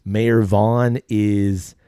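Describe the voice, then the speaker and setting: A man with a fairly low, mellow voice chats casually as a podcast co-host. He rambles in a relaxed way, padding his talk with fillers. The recording is close and dry. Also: drawn-out words, clear, resonant tone, dry recording. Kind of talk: casual chat.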